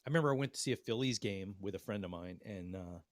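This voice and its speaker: A man casually telling a long, profane story, animated and mocking himself. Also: fairly low pitch, fast, no echo, clean studio sound. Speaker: podcast co-host.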